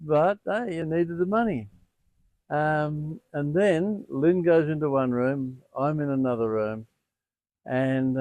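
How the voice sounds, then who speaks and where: An older man who owns a sound healing center, telling animated stories in an interview. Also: medium pitch, dry recording, phone-quality sound. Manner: animated anecdotes with quoted dialogue. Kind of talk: storytelling in an interview.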